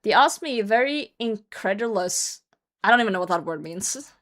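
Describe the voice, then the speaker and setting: A woman's voice: mid-range voice, lively intonation, normal speed, fairly bright tone. A woman streamer chatting casually and reading a story aloud, breaking in with blunt, profane commentary and frequent laughter. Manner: blunt, swears often, laughs through her reading.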